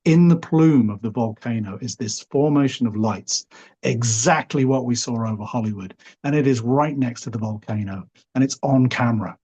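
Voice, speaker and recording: A husky-voiced Liverpool man, a podcast guest with a Liverpool English accent, tells a relaxed story. His voice is mid-range and dark, his pace moderate, and he rambles, often hedging with "sort of" and "you know."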